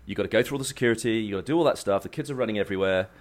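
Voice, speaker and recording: A man's voice: on the low side, rapid-fire. A man chats loosely on a talk show. He tells his stories in a rambling way, restarting his sentences and breaking into laughs. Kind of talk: casual chat.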